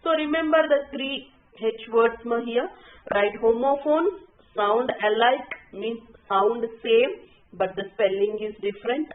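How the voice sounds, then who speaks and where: A woman from India, a college English lecturer, teaching a class. She speaks slowly and repeats her examples, often checking in with "right?". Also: fairly high pitch. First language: Telugu. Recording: tinny phone-like lo-fi audio.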